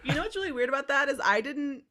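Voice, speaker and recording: A woman co-hosting a casual podcast, chatting in quick asides and laughing easily. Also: high-pitched, expressive, over a noisy crowd. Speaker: podcast co-host. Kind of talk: casual movie review chat.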